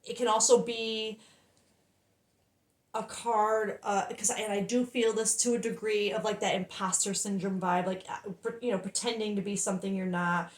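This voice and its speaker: A woman's voice: mid-range voice, fairly even intonation, moderate pace, echoey room. A woman giving a tarot reading, breathless and stumbling over her words, swearing and apologizing. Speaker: tarot reader.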